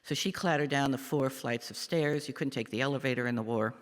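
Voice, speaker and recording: An older man giving a church meditation, telling a family story in a halting, reflective way with many pauses and fillers. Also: mid-range voice. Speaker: lay speaker giving a meditation. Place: church sanctuary. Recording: long church reverb.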